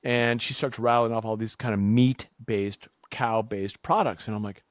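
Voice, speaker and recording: On a podcast, a Massachusetts man who co-founded the company recounts its story in a relaxed way, voicing the dialogue with sharp leaps in pitch. His voice sits on the low side with fairly even intonation at normal speed, and there is no echo.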